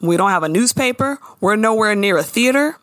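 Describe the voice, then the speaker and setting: A woman's voice: mid-range voice, brisk, dry recording. Lady podcast host recapping a show, slangy and laughy, mid voice, dry close sound. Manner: animated, laughing, slangy storyteller. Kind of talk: casual recap chat.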